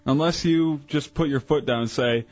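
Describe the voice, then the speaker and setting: A male radio cohost bantering casually and firing off quick wisecracks. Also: fairly high pitch, darkish tone, no room sound, soft background music. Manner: joking, quips wisecracks. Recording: dry, slightly dull radio studio.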